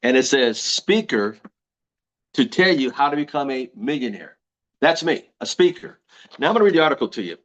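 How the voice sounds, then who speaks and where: A man's voice: medium pitch, sing-song, normal speed, a bit bright, highs cut off. A man giving a motivational talk to an audience, emphatic and repeating his key phrases, asking the crowd questions. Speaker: motivational speaker.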